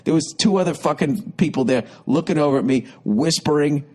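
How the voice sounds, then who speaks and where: A man's voice: on the high side, animated, fairly quick, darkish tone. A man in his fifties, a podcast host telling a comic story in an exasperated, profane rant. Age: 50s.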